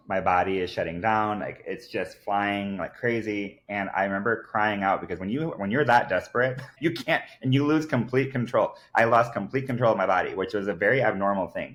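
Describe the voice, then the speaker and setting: A podcast guest relates a personal story in a voice on the low side with a fairly bright tone. Earnest and emphatic, he keeps dropping fillers such as "like" and "I kid you not."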